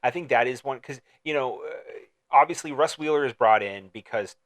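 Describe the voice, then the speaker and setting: A man's voice: mid-range voice, fairly quick, a bit bright, no room sound. A man co-hosting a podcast, chatting casually about a movie in a playful, riffing way with frequent restarts. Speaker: podcast co-host. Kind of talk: casual movie-discussion chat.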